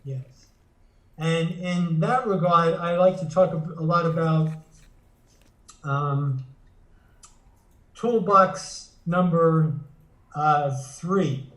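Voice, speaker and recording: A man's voice: a little high, steady tone, drawn-out words, long pauses, a bit bright, distant mic. A psychotherapist and author, a man, explaining things earnestly in an interview, often stopping to restart a phrase. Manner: earnest, teaching tone with frequent restarts. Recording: echoey room, voice away from the mic.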